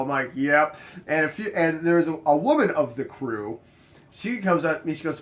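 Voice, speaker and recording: A young man casually telling a bartending story, acting out each exchange with sudden jumps up in his voice. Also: normal speed. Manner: animated, acts out the dialogue, jumps high in pitch when quoting others.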